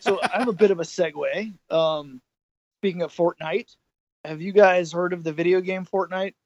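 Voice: mid-range voice, normal speed, darkish tone, no room sound. A middle-aged podcast co-host telling rambling anecdotes in casual chat, with plenty of restarts. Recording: dull lo-fi dry sound.

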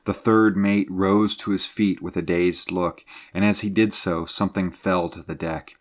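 Man, very low voice, audiobook narration, measured storytelling, dramatic pauses. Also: fairly even intonation. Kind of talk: scripted narration of an adventure story.

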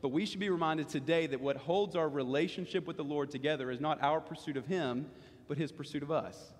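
A man preaching a sermon in earnest, slowing down to stress key lines. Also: on the high side. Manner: earnest, slows down for emphasis. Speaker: pastor. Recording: long hall reverb.

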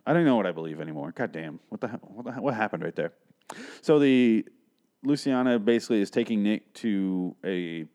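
A man's voice: on the low side, a little mellow. Rambling, profane man recapping a show. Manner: rambling, profane, sarcastic asides. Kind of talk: casual episode recap and rant.

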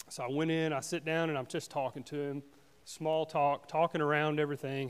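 A man giving a personal testimony at a church service, speaking earnestly and haltingly with frequent restarts. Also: on the high side, flat delivery, clean tone, in a large hall. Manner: earnest, halting, with many restarts and "you know"s.

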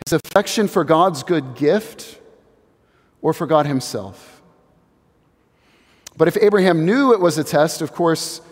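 A man in his thirties delivers a sermon in an earnest, reflective way, letting key phrases fall to a hush. His voice sits a little high. The sound carries the long reverb of a large sanctuary. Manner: earnest, reflective, building slowly to hushed emphasis. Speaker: pastor.

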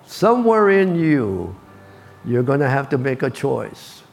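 A man's voice: mid-range voice, sing-song, unhurried, vocal fry, faint music behind. An older man preaching a sermon, telling stories and repeating key lines for emphasis.

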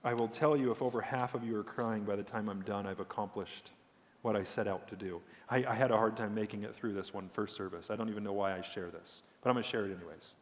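A man preaching a sermon as a pastor, swinging between loud emphatic points and hushed, emotional storytelling. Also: fairly low pitch, steady tone, quick pace. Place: church sanctuary. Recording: long hall reverb.

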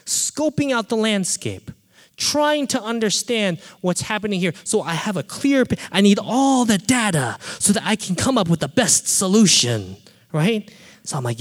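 A young man preaches in a big hall whose long echo trails after his words. His voice sits a little high and swings widely as he tells a personal story. He slips into his own quoted thoughts as he goes. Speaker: pastor. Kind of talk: sermon. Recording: reverberant hall.

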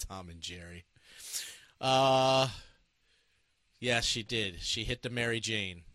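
A man casually telling a story and reading comments, animated and profane, with many restarts and laughs. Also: mid-range voice, takes it slowly, no echo.

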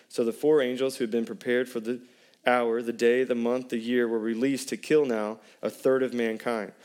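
A man's voice: mid-range voice, a little mellow. A man, a pastor preaching a sermon in a conversational way and putting questions to the congregation.

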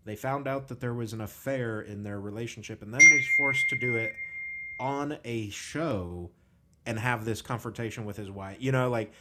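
A man's voice: mid-range voice, normal speed, background noise. A man hosting a podcast, talking frankly and casually about personal struggles and swearing freely. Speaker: podcast host. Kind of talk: candid conversational podcast talk.

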